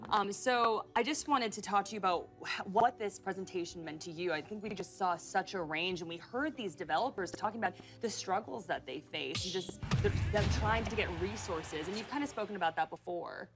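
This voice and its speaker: A woman's voice: mid-range voice, expressive, brisk, few pauses. A woman hosting a gaming livestream, bubbly and giggly as she reads sponsor lines and hands off to guests. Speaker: livestream host. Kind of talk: casual hosting chat. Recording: loud music bed under the voice.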